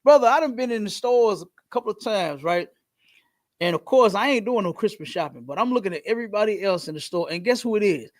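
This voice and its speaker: A man's voice: high voice, lively intonation, fast talker. A man teaching a class in a loose, casual way, telling stories and swearing freely. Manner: loose, profane, storytelling.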